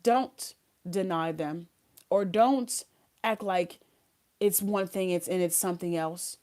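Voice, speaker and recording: A woman's voice: on the low side, takes it slowly, darkish tone. A woman giving a live tarot reading, chatting casually in slang and reading card messages aloud. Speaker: tarot reader.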